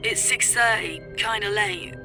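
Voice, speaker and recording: A woman doing a husky deadpan plumber on the phone. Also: medium pitch, measured pace, music in the background, lightly acted.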